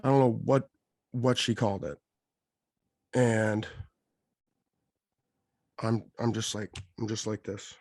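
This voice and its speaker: A man co-hosting a podcast, telling a long, rambling story in a casual, animated way. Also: on the low side, slow, long pauses, dry recording. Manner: rambling, animated, quotes others in his telling. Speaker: podcast co-host.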